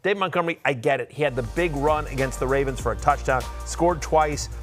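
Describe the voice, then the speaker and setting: A man hosting a sports show, chatty and animated, talking in quick bursts. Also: mid-range voice, faint music behind. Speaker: host. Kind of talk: casual sports podcast chat.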